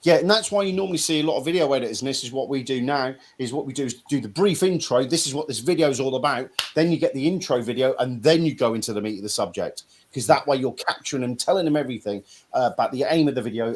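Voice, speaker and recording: A man's voice: medium pitch, fast talker, hardly any pauses. A middle-aged man from Norfolk, England, hosting a casual live-stream chat in a blunt, chatty way with some mild swearing. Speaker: host.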